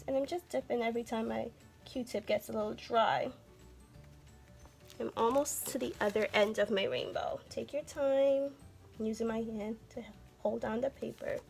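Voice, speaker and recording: Woman art teacher for kids, gentle and encouraging, fairly high voice, faint music behind. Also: gravelly. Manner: gentle, encouraging, talks to viewers directly. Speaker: art instructor. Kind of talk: children's art lesson.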